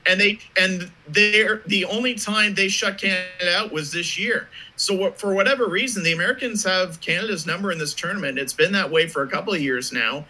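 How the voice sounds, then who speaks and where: A man's voice: high-pitched, fairly quick, hardly any pauses, pushed and bright, low-quality recording. A man co-hosting a casual sports podcast, reeling off statistics and facts. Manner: fact-driven, quotes stats, acts out reactions. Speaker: podcast co-host.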